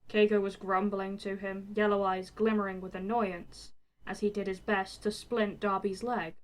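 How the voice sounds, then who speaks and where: A woman reading a fan fiction story aloud, with expressive narration. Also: medium pitch, moderate pace, poor audio. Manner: expressive, swears in the text freely.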